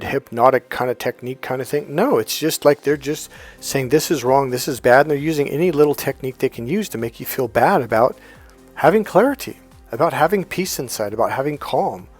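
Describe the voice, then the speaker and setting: A man coaching in a casual motivational monologue, talking conversationally with frequent restarts and quoted dialogue. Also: mid-range voice. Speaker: dating and healing coach.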